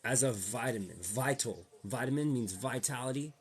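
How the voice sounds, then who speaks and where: A man's voice: mid-range voice, normal speed, husky. Slangy man ranting to camera. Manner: slangy, profane, heated and repetitive. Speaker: vlogger. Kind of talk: casual ranting monologue.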